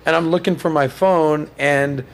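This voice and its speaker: A man in his thirties hosts a loose podcast conversation, telling stories with lots of energy. His voice sits a little high for a man, and he breaks into shrill mocking impressions when quoting others. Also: steady tone, measured pace. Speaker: podcast host. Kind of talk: casual chat.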